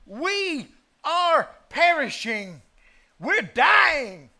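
A preacher acting out a crew of terrified fishermen who shout and beg for help in a storm. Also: male voice, very high voice, sing-song, very slow, gravelly, pitched above the performer's own voice, heavily acted. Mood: panicked pleading. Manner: screaming, pleading, breathless panic. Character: frightened grown male fishermen crying for help.

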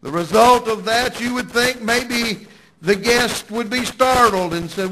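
A man's voice: extremely high pitch, a little slow, sharp tone, a little hiss or hum, rough recording. A man preaching a sermon with dramatic, emphatic storytelling.

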